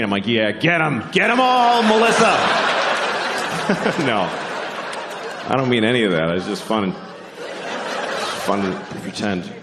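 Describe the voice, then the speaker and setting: A man's voice: mid-range voice, roomy sound, noisy background. A man performing a stand-up comedy set, ranting sarcastically with plenty of profanity and mock outrage.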